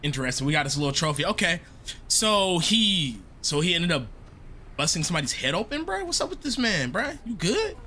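A young man narrating his own playthrough in relaxed slang, often restarting words and calling the listener bro. His voice sits a little high for a man. Heavy game noise and ambience run underneath. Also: fairly quick. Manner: slangy, excitable, repeats himself. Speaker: gaming streamer. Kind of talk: casual let's-play commentary.

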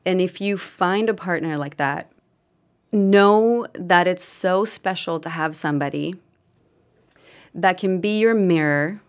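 A woman's voice: on the low side, slow pace. A woman in her thirties, a podcast guest, giving earnest, heartfelt advice on partnership in a casual conversation.

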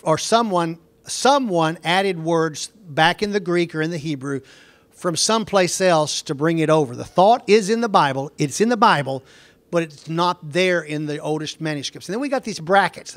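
A man leads a Bible lesson, reading scripture aloud and stopping to press his class with rhetorical questions. His voice sits on the high side for a man. The sound is dry and close, with no room around it. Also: a bit bright, no echo. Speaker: Bible teacher.

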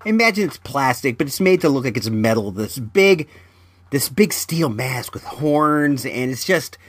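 Man, podcast host, casual chat, rambling storyteller, mid-pitched voice. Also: sing-song, normal speed, slightly rough, no room sound.

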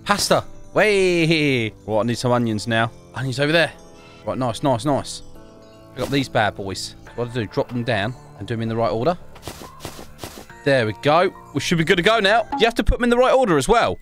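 A man giving chatty, excitable commentary while playing a video game, often exclaiming to himself. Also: mid-range voice, brisk, faint music behind. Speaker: gaming YouTuber. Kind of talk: casual gameplay commentary.

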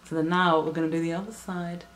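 A young woman chatting casually to her viewers in a home hair care vlog, with lively exclamations. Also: low voice, fast talker, a little hiss or hum. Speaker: natural hair vlogger.

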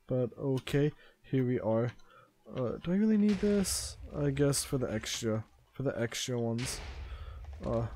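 Young guy yelling and griping over his gameplay, slightly high voice, dead dry mic. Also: no room sound. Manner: exasperated, excitable, yelps and laughs at the game. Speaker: gaming YouTuber. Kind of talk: live gameplay commentary.

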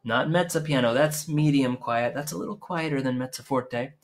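A man's voice: medium pitch, normal speed. A man teaching young children music over a live stream from home, talking playfully and singing a silly song between explanations into a microphone on a stand.

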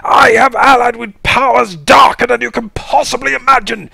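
A man voicing a gloating undead male villain who rants in triumphant shouts. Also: very high voice, fairly even intonation, moderate pace, vocal fry, slightly rough, voice pushed up, exaggerated voice.

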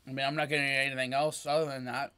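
A man's voice: mid-range voice, flat delivery, quick pace, sharp tone, smooth. An American man hosting a casual taste test, humming as he tastes and giving scores. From United States. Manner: lots of appreciative hums while tasting. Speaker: taste-test show host. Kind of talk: casual chat.

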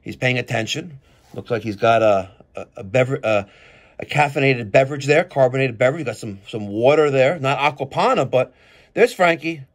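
A man ranting angrily to his viewers. He swears a lot and swings between shouting and muttering. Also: mid-range voice, moderate pace. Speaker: plumbing business owner and show host. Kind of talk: ranting monologue to camera.

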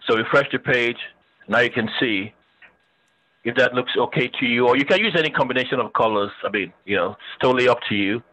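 A man's voice: mid-range voice, brisk, sharp tone, rough recording. A man teaching a web design class, chatting and thinking aloud as he demonstrates on screen, with the odd joke for his students. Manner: joking with students. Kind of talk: casual screen-share lecture.

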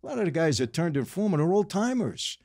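A man's voice: fairly high pitch, very animated, quick pace, warm tone, dry recording, clean studio sound. A man in his sixties with a New York accent, a guest speaking earnestly and emphatically in a casual interview, repeating points for stress.

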